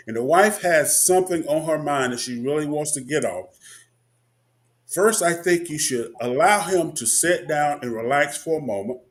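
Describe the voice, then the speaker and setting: A man in his sixties from North Carolina hosting a casual discussion, emphatic and checking in with "okay?". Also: on the high side. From Kinston, North Carolina. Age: 60s. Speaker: host.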